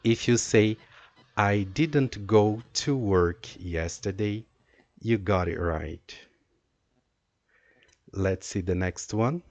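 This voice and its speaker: A man teaching an English grammar lesson, explaining slowly and reading out example sentences. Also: on the low side, a little mellow, no room sound. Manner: slow, deliberate explaining with drawn-out example sentences.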